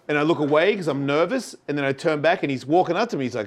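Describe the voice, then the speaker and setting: A man's voice: medium pitch, quick pace. A man in his fifties telling rambling stories in casual chat, a podcast co-host who acts out the voices in his stories. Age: 50s.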